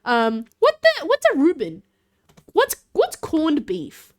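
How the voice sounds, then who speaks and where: A woman's voice: high voice, wildly swooping pitch, slow. A young woman streaming, chatting casually with her viewers in a giggly, bubbly way and often talking about herself in the third person. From Australia. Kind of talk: casual stream chat reacting to chat.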